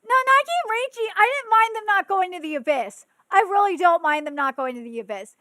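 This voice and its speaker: A woman in her thirties hosting a podcast with a very high, bright, sharp voice. She rants in an animated, exasperated way, scattering "like" and curses through her talk. The sound is close and dry. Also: fairly quick, dry recording. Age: 30s. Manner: animated, exasperated, filler-heavy with frequent "like" and swearing. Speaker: podcast host. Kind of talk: casual ranting commentary.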